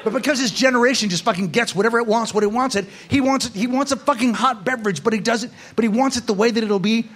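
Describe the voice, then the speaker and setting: A male stand-up comedian doing a profane, ranting set that builds to shouts. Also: extremely high pitch, fast talker, hardly any pauses.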